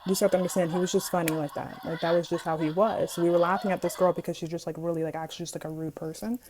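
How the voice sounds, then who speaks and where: A woman's voice: fairly low pitch, very fast, background noise. A young woman casually telling a storytime to her viewers, chatty and dramatic, often speaking to them directly. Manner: chatty, animated, dramatic asides, addresses viewers as guys. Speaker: vlogger.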